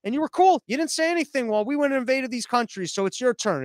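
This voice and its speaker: A man with a high, smooth, clear voice hosts a podcast live stream, riffing casually through viewer comments. His delivery is rambling, sarcastic and crude. The sound is dry and close. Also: animated, fast talker, hardly any pauses, dry recording. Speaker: podcast host.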